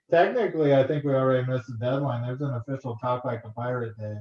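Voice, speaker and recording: A man's voice: medium pitch, brisk. A man co-hosting a casual livestream, thinking aloud and hesitating. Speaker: co-host. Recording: roomy, dull lo-fi sound.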